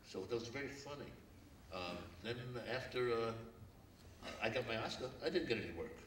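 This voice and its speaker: A man's voice: medium pitch, lively intonation, moderate pace, fairly bright tone, far from the mic, a little hiss or hum. Older man speaking in an echoey hall. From Brooklyn. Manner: reflective, storytelling, earnest. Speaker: guest speaker. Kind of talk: public forum talk. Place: lecture hall.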